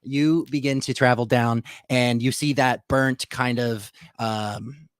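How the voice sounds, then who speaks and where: A man's voice: mid-range voice, steady tone, slow pace, smooth, no room sound, studio quality. A man narrating as game master of a comedy tabletop game, easygoing and hesitant.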